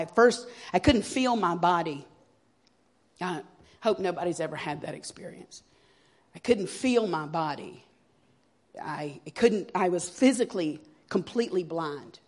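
A woman sharing her personal testimony at a church evening, telling her story with emotion, dropping to a hush and then rising loud as she acts out what people said. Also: mid-range voice. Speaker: guest speaker sharing a testimony.

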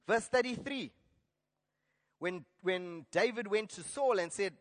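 A man's voice: sits high, expressive, measured pace. A man preaching a sermon, earnest and exhorting, now and then restarting a phrase. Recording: long hall reverb.

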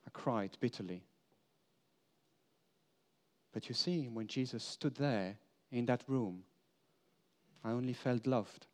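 An earnest man delivers a sermon as a first-person dramatic monologue, speaking as an apostle. His pace is slow and unhurried, and he lets emphatic declarations fall away into quiet, confessional moments. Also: medium pitch. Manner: earnest storytelling, swinging between emphatic lines and hushed confession.

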